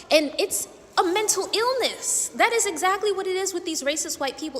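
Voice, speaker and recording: A woman's voice: high-pitched, a bit bright, long reverb tail. A young adult woman giving an indignant, emphatic vlog rant to camera, hammering her points with repetition. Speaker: vlogger.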